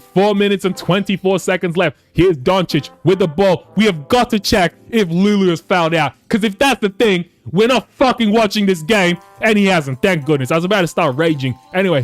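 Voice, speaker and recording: A man commentating his basketball video game for his viewers, excitable and swearing often, calling them boys. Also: on the high side. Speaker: gaming YouTuber.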